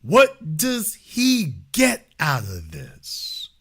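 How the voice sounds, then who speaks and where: A man hosting a political commentary show, speaking emphatically with rhetorical questions and drawn-out stresses. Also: sits high, wildly swooping pitch, fairly bright tone, breathy edge.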